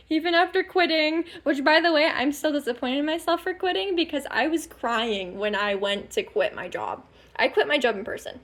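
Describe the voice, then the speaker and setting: High-voiced chatty teen girl. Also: animated, moderate pace. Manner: rambling, laughing, swearing. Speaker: vlogger. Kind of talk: casual storytime chat.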